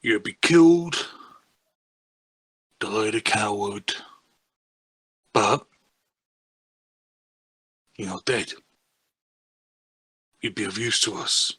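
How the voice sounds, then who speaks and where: A man's voice: fairly low pitch, expressive, extremely slow, pauses often, a bit bright, breathy edge, dry recording, full character voice. A man voicing a blunt, calculating crew member in a tabletop game, matter-of-fact and unapologetic.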